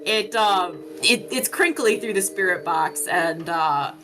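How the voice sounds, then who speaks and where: A woman's voice: lowish voice, animated, music in the background. Casual woman running a tabletop game. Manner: casual, quick narration with fillers. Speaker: game master.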